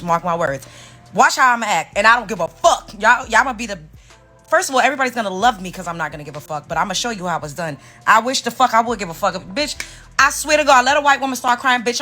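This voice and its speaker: Fiery, bright-voiced Brooklyn woman. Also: a little high. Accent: Brooklyn New York. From New York. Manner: profane, fiery, animated. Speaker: commentator. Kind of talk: heated rant reacting to reality TV clips.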